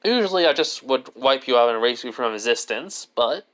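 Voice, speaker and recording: A self-assured ninja swordswoman and mother, played by a man speaks in a smooth, clear voice. She rambles through her offer with fillers and restarts, barely set apart from a plain storyteller's voice. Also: mid-range voice, lively intonation, fairly quick, fairly bright tone, natural voice. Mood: offering a deal.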